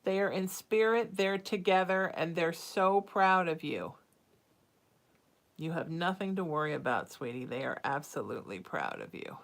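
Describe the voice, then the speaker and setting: Reassuring woman psychic, low-pitched. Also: lively intonation, moderate pace, creaky. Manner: reassuring, calls listeners sweetheart and honey; casual and chatty, with soft fillers. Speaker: psychic medium host. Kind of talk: live-stream Q&A with psychic readings.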